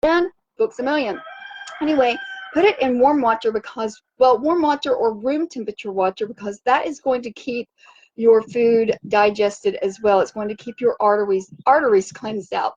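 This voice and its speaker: A woman hosting a motivational wellness livestream from her home, bubbly and animated, chanting and cheering. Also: on the high side, moderate pace, husky. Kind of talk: upbeat motivational livestream chat. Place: home in Fiji by the sea. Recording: dull lo-fi sound.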